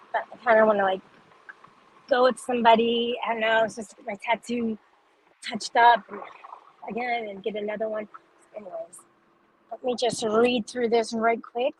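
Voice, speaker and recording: A young woman talks loosely on a livestream, answering viewer comments between frequent laughs and casual swearing. Her voice sits a little high, and a faint hiss of background noise runs under it. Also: low-quality recording. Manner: laughs often, swears casually, rambling with fillers.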